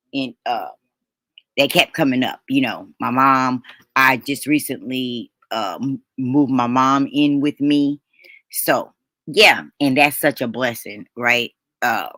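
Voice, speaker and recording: Middle-aged woman, live-stream host; bright, forward tone, dry close mic, folksy and chatty. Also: extremely low pitch, no echo. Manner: chatty, calls viewers honey and baby; folksy slang, restarts and stumbles. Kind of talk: casual live stream chat.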